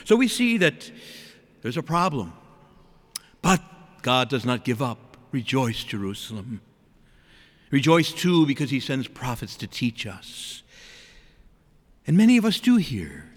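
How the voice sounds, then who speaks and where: Male preacher giving a sermon, expressive swooping delivery, asks the congregation questions, big reverberant room. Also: mid-range voice, slow pace, long pauses. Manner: animated, with rhetorical questions to the congregation.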